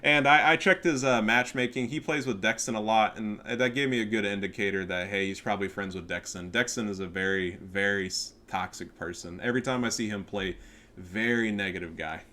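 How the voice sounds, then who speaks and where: A man casting a game replay, excitable and profane, full of trash talk. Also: on the low side, brisk. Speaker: gaming commentator. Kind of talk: casual replay commentary.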